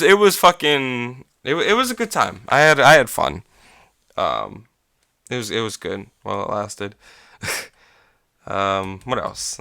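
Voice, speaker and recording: A man's voice: fairly low pitch, sharp tone, clear, resonant tone, no echo, studio quality. A man chatting casually on his own podcast, rambling through stories with lots of swearing and filler words. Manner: rambling, swears a lot, frequent fillers and laughs. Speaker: podcast host. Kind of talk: casual solo podcast chat.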